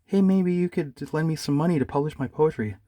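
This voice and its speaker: A man's voice: a little high, dark tone, dry recording, voice pushed up, lightly acted. A man doing a chirpy bikini-wearing bear poet. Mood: wheedling. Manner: chirpy and wheedling, poems read slowly. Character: happy pushy male bear poet in a bikini.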